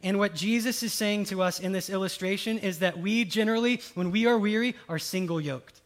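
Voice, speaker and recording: A male pastor preaches in a loose, conversational way, talking straight to his listeners. His voice sits a little high for a man. He pushes some lines out loud and emphatic, then drops others to a soft hush. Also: brisk. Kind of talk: sermon.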